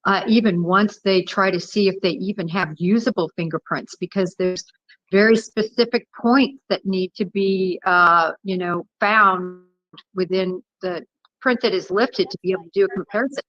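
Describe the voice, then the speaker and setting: A woman guest with a police background explaining forensic evidence in a measured way, pausing often with "uh". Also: medium pitch, a bit bright, dull audio. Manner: measured, hesitant, lots of uh. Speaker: former police investigator as guest. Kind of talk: interview explanation.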